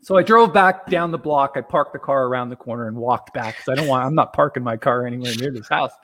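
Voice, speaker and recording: A man's voice: mid-range voice, fast talker, a bit bright, a little hiss or hum. A man casually telling a personal story as a guest, rambling, with plenty of fillers and chuckles.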